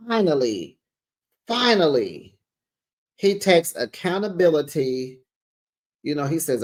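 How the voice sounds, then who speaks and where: A man's voice: on the high side, very animated, slow pace, pauses often. Chatty gossiping middle-aged man. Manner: chatty, gossipy, calls viewers child and besties. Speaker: reality TV recap host. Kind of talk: casual recap commentary. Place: home office with sound panels, door closed. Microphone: studio microphone with pop screen.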